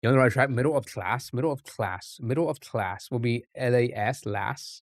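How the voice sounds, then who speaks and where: A man's voice: mid-range voice, brisk, dry recording, studio quality. Rambling male streamer thinking aloud. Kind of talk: casual live-stream chat.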